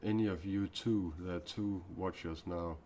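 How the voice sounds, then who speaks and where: A man speaking as a self-described mystic in an improvised live-stream talk, earnest and confessional, often pausing and restarting his sentences. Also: sits low, fairly even intonation, a little mellow, a little hiss or hum.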